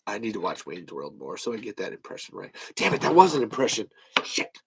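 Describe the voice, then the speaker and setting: A man's voice: lowish voice, very animated, a little fast, creaky, husky, low-quality recording. Rambling, swearing male podcast host. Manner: rambling, profane. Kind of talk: casual chat.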